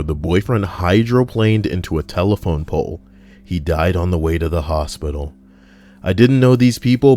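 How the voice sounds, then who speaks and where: Deep-voiced man rambling on a stream. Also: darkish tone. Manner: rambling, profane, joking asides. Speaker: YouTube reader and streamer. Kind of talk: casual livestream reading Reddit stories. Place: home recording room.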